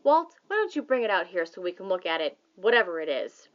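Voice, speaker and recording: A woman voicing a fussy mother who frets in a drawn-out way, for a storybook reading. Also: on the low side, sing-song, highs cut off. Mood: fussing. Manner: fretting, drawn-out. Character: fussy mother, fretting and exasperated.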